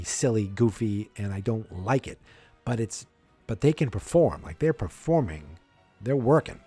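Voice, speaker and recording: This podcast host has a warm, mid-range voice. He chats casually about a film, wandering through the plot and doing silly voices for the lines.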